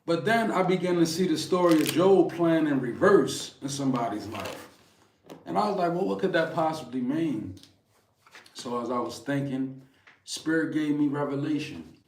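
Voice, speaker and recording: A man's voice: a little high, expressive, moderate pace, far from the mic. Man sharing a spiritual message off-mic. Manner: earnest, preacherly retelling. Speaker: card reader, co-host. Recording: roomy, off-mic with faint noise.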